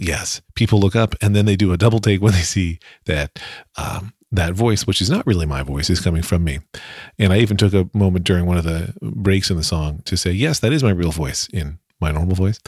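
A man's voice: sits low, darkish tone, slightly rough, no room sound, studio quality. A man hosting his own podcast, telling a rambling, self-deprecating story in a casual solo monologue. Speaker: podcast host.

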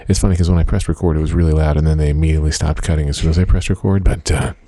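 A man's voice: very deep voice, fairly even intonation, rapid-fire, dark tone, dry recording, clean studio sound. A middle-aged man hosting a casual solo diary podcast from his home office, rambling in a wry, self-mocking way with plenty of uh fillers. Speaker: podcast host.

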